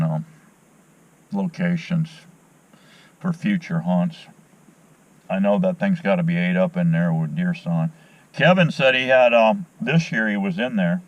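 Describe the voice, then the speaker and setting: The recording is muffled, with the man's low-pitched voice a bit distant from the mic. He is an outdoors vlogger at a fishing spot at daybreak, telling a rambling story and restarting and repeating words along the way.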